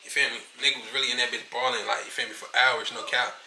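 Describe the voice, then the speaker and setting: Rapid-fire young man telling a story. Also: medium pitch, gravelly, roomy sound, slight background noise. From Virginia. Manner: rapid, profane, animated storytelling with heavy slang. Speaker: vlogger. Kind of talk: casual storytelling to camera.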